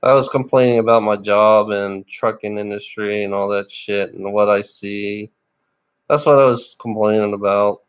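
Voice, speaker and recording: A tired middle-aged man livestreaming alone, ranting bitterly and swearing, with rough laughs between complaints. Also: lowish voice, fairly even intonation, moderate pace. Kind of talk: ranting live stream monologue.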